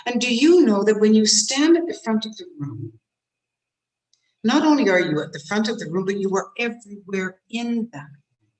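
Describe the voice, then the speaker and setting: Expressive woman giving a motivational talk. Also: medium pitch, moderate pace, low-quality recording. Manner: expressive, shifts between soft and forceful; demonstrates tense and relaxed voices. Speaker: guest speaker. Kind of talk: motivational speech. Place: meeting room.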